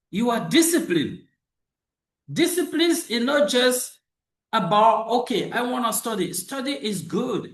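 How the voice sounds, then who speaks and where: Slow, animated man in an echoey room. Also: high voice. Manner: repetitive, emphatic, with restarts and rhetorical questions. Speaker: motivational speaker. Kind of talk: motivational monologue.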